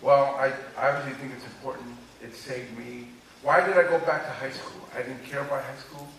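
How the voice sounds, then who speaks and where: A man of around 60 from Los Angeles, an author telling candid personal stories in an interview, animated and confiding and often checking that the listener follows. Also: mid-range voice, a little fast, vocal fry. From Los Angeles, USA. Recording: echoey room, distant mic, noisy ambience.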